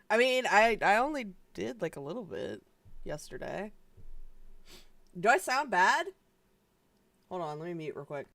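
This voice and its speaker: A woman's voice: mid-range voice, sing-song, a little slow, creaky, pauses often, fairly bright tone. A woman streamer chatting casually on a live stream, rambling with lots of filler words, stammered restarts and swearing.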